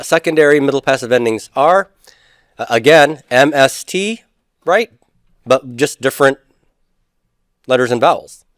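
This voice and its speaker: A man's voice: mid-range voice, no echo, studio quality. A man teaching a Greek grammar lesson, chatty and teasing, drilling word forms aloud. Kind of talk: recorded classroom lecture.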